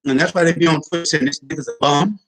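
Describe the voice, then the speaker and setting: A man's voice: a little high, fast talker, poor audio. A man talking in a casual, slangy rant, acting out little scenes as he goes. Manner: animated, slangy, acts out scenes. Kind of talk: casual ranting monologue.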